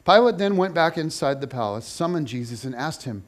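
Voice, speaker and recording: A man reading a scripture passage aloud in an expressive, measured way. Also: fairly high pitch. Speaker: scripture reader.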